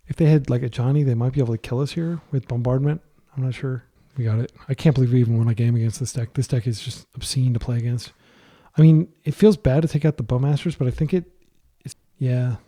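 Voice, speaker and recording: A man commentating his own online card game, thinking out loud in a soft, light voice that is worn from a long day of talking. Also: mid-range voice. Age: adult, a parent.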